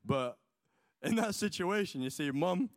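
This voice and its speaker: A man's voice: sits high, measured pace, dry recording. Young man preaching, chatty and dry. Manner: chatty, lots of likes and ums, animated retelling. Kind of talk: sermon with personal storytelling.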